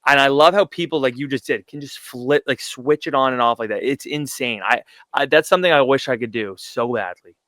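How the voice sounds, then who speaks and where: Bright-voiced, enthusiastic young male host. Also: mid-range voice, a little fast, no echo. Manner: enthusiastic, easily impressed. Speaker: podcast host. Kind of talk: casual interview chat.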